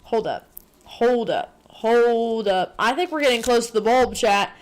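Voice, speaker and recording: Female streamer, slightly high pitch; loose, profane, excitable chatter to chat. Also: normal speed. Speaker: livestreamer. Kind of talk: casual livestream chat.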